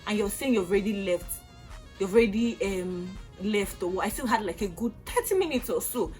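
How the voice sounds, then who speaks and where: A young Nigerian woman with a Nigerian accent, telling a storytime vlog in an animated, exasperated way with acted-out outbursts. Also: medium pitch, moderate pace, faint music behind. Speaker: vlogger.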